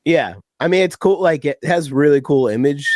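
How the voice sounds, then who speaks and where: A man's voice: a little high, lively intonation, normal speed, darkish tone, dry recording. A man co-hosting a casual podcast in a studio, bantering and joking. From South Africa. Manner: jokey, playful banter. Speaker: podcast co-host. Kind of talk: casual chat.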